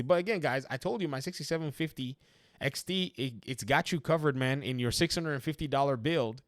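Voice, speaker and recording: Casting: male gaming commentator, mid-pitched, dry close sound, chatty and laughing easily. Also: no room sound. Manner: chatty, laughs often, addresses viewers as guys and man. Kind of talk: casual video commentary.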